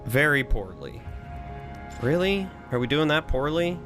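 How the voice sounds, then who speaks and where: A man's voice: fairly high pitch, sing-song, unhurried, music in the background. A man casually thinking aloud while streaming a strategy game, chatting with and thanking his viewers. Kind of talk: casual live-stream commentary.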